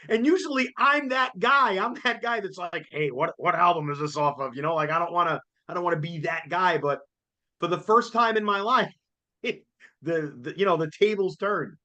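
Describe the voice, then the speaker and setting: Excitable man, slightly high voice. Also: moderate pace. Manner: excitable, jokey, laughs often. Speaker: co-host reviewing a concert. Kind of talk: casual chat.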